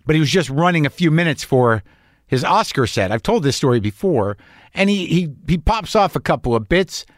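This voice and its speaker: A man's voice: fairly high pitch, dry recording, studio quality. Restless, wry fifty-something man rambling. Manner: self-questioning, wry, restless, circling back on himself. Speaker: podcast host and comedian. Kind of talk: rambling confessional monologue.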